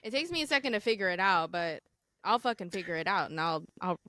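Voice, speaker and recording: A woman's voice: on the low side, lively intonation, fast talker, pushed and bright, dry recording, clean studio sound. A woman in her late twenties co-hosting a podcast, chatting in a laid-back way and swearing freely. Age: late 20s. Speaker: podcast co-host. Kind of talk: casual chat.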